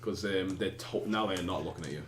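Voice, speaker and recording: Man, game master, quick chatty narration, lowish voice, echoey room, light noise. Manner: loose, chatty narration full of fillers.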